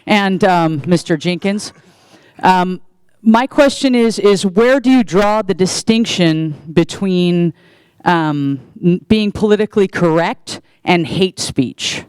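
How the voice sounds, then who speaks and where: A man's voice: high-pitched, takes it slowly, smooth, dry recording. A man in a theatre audience asking a debate question on a handheld mic, playful and a little hesitant.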